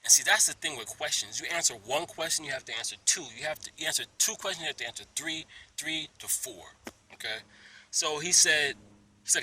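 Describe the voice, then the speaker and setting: A man telling a story to his phone camera in a park, animated, mimicking others in high voices and dropping to whispers. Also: brisk, a little hiss or hum. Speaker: vlogger. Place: outdoor park, under a tree.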